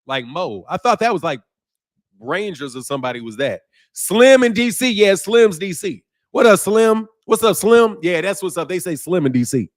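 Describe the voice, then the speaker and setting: Animated high-voiced man chatting casually. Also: moderate pace. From Chicago. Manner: animated, loose slang-heavy talk, laughs often, mimics regional greetings. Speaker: boxing channel host. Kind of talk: casual livestream chat with viewers.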